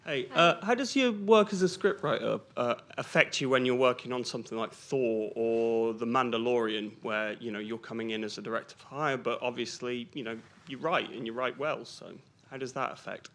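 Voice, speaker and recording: A man's voice: medium pitch, normal speed, hardly any pauses, fairly bright tone. A man asking an interview question, hesitant and filled with "you know" and "uh".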